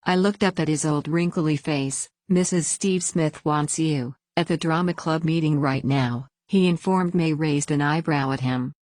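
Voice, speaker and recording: Female story reader, very low voice, dry close sound, plain even first-person narration. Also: unhurried, hardly any pauses, no echo.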